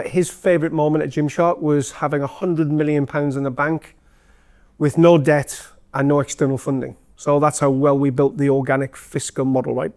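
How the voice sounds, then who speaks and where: A man's voice: fairly high pitch, darkish tone. A man with a Geordie accent, a former company chief, giving a chatty, self-deprecating talk full of stories to a room of people. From North East England. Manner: chatty, self-deprecating storyteller with many fillers. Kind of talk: live anecdotal talk to an audience. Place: event room with an audience.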